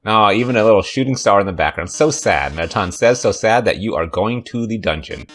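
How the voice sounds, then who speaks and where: A man's voice: on the low side, animated, a little fast. A man hosting a let's play, giving jokey, sarcastic running commentary as he plays. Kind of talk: casual game commentary.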